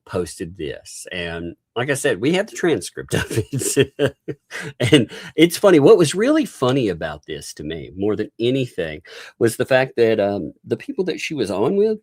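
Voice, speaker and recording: A man's voice: medium pitch, huge pitch swings, normal speed, a little mellow, no room sound, clean studio sound. A man with a Southern US accent hosting a live commentary stream, sarcastic and amused, chuckling often as he talks. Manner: chuckles often while talking. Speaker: livestream host.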